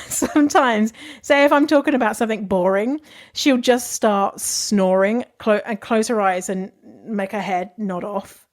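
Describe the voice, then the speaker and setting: A young adult woman hosting a podcast, giving casual advice in a candid, chatty way, swearing freely and laughing often. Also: mid-range voice. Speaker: podcast host.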